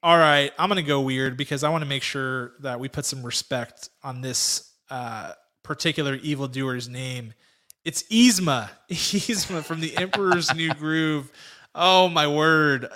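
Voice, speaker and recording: A man's voice: a little high, a little slow, bright, forceful tone. A man co-hosting a casual movie review podcast, talking enthusiastically and emphatically. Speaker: podcast co-host.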